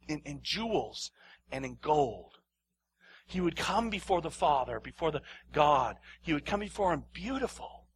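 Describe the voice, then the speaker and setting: A pastor, a man with a slightly high voice, preaches a sermon that swings between loud, emphatic lines and hushed near-whispers. He laughs often and repeats phrases for effect.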